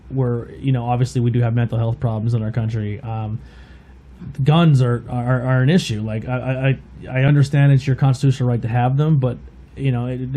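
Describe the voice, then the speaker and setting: Man, casual podcast co-host, relaxed dark tone, acts out quotes. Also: mid-range voice. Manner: retells comedy bits, acting out quotes, swears freely. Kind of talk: casual chat.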